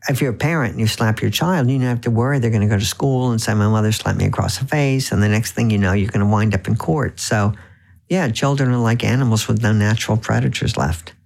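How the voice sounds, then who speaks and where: A man's voice: lowish voice, fast talker, vocal fry, darkish tone. A man being interviewed as an author on the radio, telling wry anecdotes with frequent restarts. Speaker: author guest.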